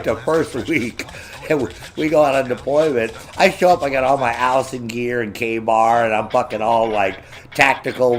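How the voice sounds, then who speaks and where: A man telling profane, loud stories as a streamer, mocking others in high voices. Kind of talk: profane casual storytelling.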